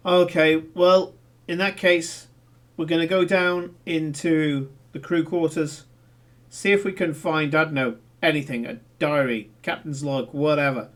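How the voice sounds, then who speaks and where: A man playing a tabletop game talks in a casual, decisive way as he sets out what the group should do. His voice sits a little higher than most men's. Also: steady tone, a little slow, a bit bright. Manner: decisive, laying out plans. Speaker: player. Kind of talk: casual tabletop role-play.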